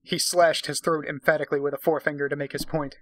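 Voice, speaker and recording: A man's voice: a little high, little pitch movement, fast, no room sound. A man giving a drunken dramatic reading of a romance novel, breaking off for profane, sarcastic asides. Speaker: reader and commentator.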